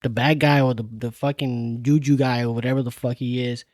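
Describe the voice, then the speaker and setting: A man's voice: medium pitch, little pitch movement, fairly quick, a little mellow, dry recording, studio quality. A man co-hosting a podcast in casual chat, laid-back and profane, ending his lines with "man". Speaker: podcast co-host.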